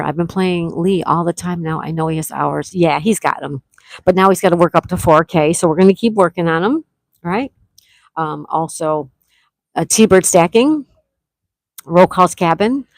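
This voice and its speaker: Middle-aged woman host from Florida, slightly low voice, chatty, reads chat aloud, dry close sound. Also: creaky, dry recording, rough recording. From Florida, USA. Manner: chatty, greets viewers by name, reads their comments aloud. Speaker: livestream host. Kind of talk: casual chat, reading live chat aloud.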